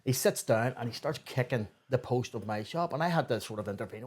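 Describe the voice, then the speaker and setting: A man with a Belfast accent tells stories from his barber shop in a loose, animated way. He swears freely and jumps into raised voices when he quotes people. His voice sits at a medium pitch. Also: fairly quick. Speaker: barber, podcast guest. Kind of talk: casual storytelling chat.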